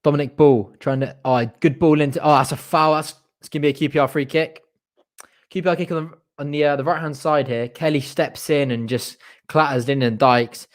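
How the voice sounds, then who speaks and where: Speaking fairly quickly in a slightly high voice, a young fan delivers excitable, partisan commentary on a live match. He urges his team on and groans over the chances they miss.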